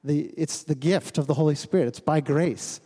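A man's voice: a little high, moderate pace, husky. Man preaching in a reverberant hall. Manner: conversational, gently humorous, asks the congregation questions. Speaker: pastor. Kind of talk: sermon. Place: church sanctuary.

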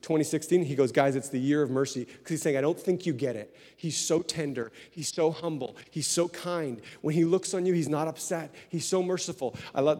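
A man preaching a sermon in a lively, conversational way, repeating phrases and laughing as he talks. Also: fairly high pitch. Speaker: pastor. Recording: long hall reverb.

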